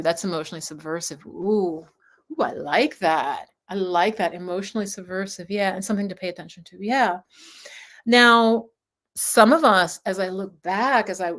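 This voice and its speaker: A woman hosting a casual live chat on friendships, talking in a rambling, reflective way with many restarts and asides to viewers. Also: medium pitch. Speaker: host.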